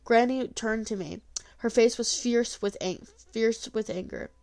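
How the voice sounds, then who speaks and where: A woman reading a first-person folk tale aloud, expressive, with small slips and restarts. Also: on the high side, unhurried.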